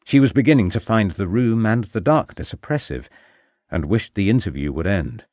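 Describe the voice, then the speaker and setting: A man narrating a detective novel audiobook in a measured, expressive way. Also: on the low side, no echo, clean studio sound. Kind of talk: scripted narration.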